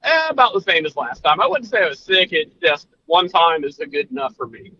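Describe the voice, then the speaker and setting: Bright-voiced rambling man, lo-fi sound. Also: high-pitched, sing-song, a little fast, creaky. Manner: rambling, lots of fillers and restarts, easygoing. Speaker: podcast co-host. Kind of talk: casual chat.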